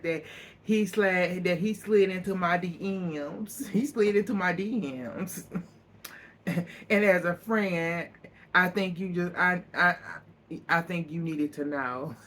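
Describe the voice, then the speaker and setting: A man imitating a woman who haltingly tells a friend some gossip, repeating herself as she goes. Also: sits high, fairly even intonation, fairly bright tone. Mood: hesitant.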